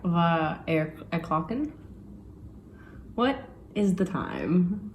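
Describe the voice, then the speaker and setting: A woman's voice: on the low side, expressive, very slow, a little mellow, reverberant, slight background noise. A young woman co-hosting a home vlog, chatting casually with a playful, teasing manner and frequent laughter. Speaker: vlog co-host. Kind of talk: casual chat.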